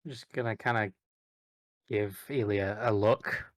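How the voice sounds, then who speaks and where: A man with a low voice chats in a rambling, hesitant manner while playing a tabletop role-play. The sound is dry and close. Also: steady tone, measured pace, no echo. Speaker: player.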